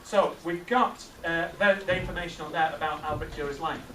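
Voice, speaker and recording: A middle-aged man teaching a class of children, asking lively questions and checking with tag questions. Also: a little high, brisk. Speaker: teacher leading a maths master class. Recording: echoey classroom from far off, noisy.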